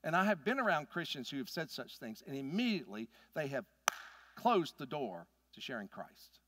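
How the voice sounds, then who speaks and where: A middle-aged pastor, telling a family story in a conversational sermon that builds to emphatic points. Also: male voice, a little high, big pitch swings, normal speed, noisy background. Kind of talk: sermon with personal stories.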